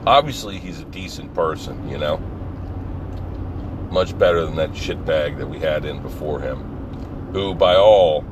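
A man with an extremely deep voice talks loosely to his viewers from a parked car. He rambles, swears freely and laughs often. Car and street noise is clearly audible behind him. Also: measured pace, long pauses, muffled recording. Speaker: vlogger. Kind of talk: casual monologue.

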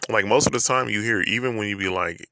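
A man's voice: on the low side, fast, noisy background. A man giving a casual, rambling opinion monologue to camera, slangy and loose with lots of fillers.

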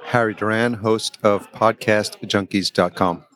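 A man's voice: on the low side, steady tone, a little slow, fairly bright tone. A man who hosts his own podcast, joining a casual chat as a guest with curious questions.

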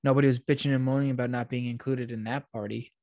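A New York-accented man co-hosts a casual podcast chat full of crude jokes and deadpan banter. He talks fast in a mid-range voice, with no echo.

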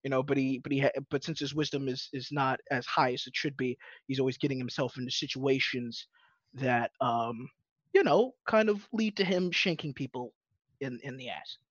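A man's voice: medium pitch, moderate pace, no echo. A man chatting casually about his tabletop game character, rambling with restarts, laughing and swearing. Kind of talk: casual podcast chat. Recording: dull lo-fi audio.

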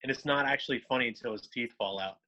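Man, bright tense voice, dry jokes, casual podcast co-host. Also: medium pitch, quick pace, muffled recording.

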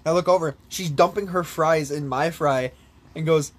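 A young man in casual chat, telling a long story in an animated way with lots of swearing and laughter. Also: on the high side, moderate pace. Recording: faint background noise.

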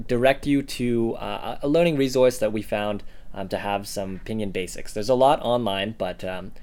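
A man with a lowish voice co-hosts a casual language podcast. He speaks steadily and often pauses on uh while guiding listeners. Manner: steady, with frequent uh fillers. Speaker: podcast co-host.

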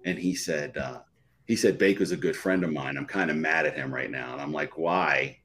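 A man's voice: extremely low pitch, normal speed, fairly bright tone. A middle-aged man from the Philadelphia area, a podcast guest telling a personal story in a live chat, repeating and restarting phrases.

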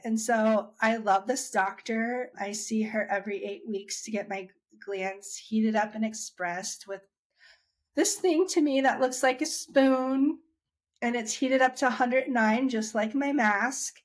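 A woman with a fairly high, unhurried voice is interviewed about her dry eye experience. She tells her story casually and chattily, restarting often and acting out quotes from herself and others.

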